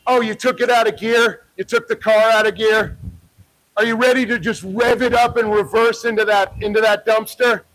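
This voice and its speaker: A man with a high, raised voice confronts people outdoors, taunting and swearing as he films on a handheld camera. His talk is a steady stream of jeering challenges in a street livestream. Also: moderate pace, low-quality recording. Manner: heckling, profane, taunting. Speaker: protest livestreamer. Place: outdoors by a parking lot.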